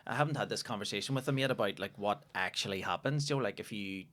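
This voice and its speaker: A man's voice: on the low side, fast, fairly bright tone. A man hosting a podcast, speaking plainly in casual chat.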